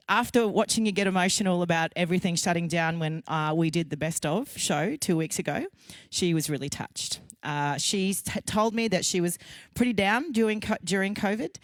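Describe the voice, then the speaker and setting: A woman's voice: mid-range voice, dry recording. An Australian woman hosts a live show, bubbly and chatty, teasing herself and getting a little teary. Her mid-range voice sits close and dry on a handheld microphone. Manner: chatty, playful and emotional, jokes at herself. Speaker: host. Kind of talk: live stream show hosting. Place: studio kitchen. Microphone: handheld mic on a lead.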